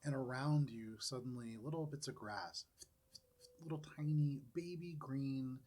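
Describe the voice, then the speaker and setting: A man narrating a tabletop game as game master, describing scenes in a relaxed, vivid way. His voice sits at a middling pitch. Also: unhurried. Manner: descriptive, relaxed, laughs often.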